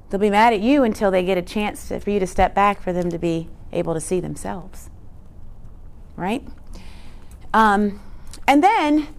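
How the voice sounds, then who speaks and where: A woman's voice: medium pitch, lively intonation, moderate pace. A woman presenting a teaching talk in an earnest, conversational way, often asking rhetorical questions. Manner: conversational, frequent rhetorical "right?"; earnest, emphatic.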